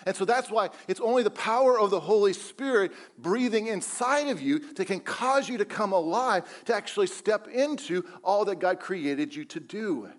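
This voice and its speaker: Male pastor, high register, emphatic sermon delivery with rhetorical questions. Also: expressive, normal speed, hardly any pauses. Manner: emphatic preaching with repeated phrases and rhetorical questions.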